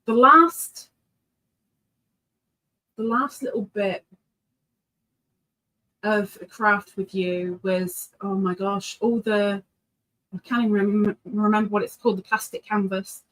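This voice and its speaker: A woman's voice: medium pitch, slow pace, long pauses, fairly bright tone, low-quality recording. A middle-aged woman hosting a casual livestream, chatting playfully and reading viewers' messages aloud. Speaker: livestream host.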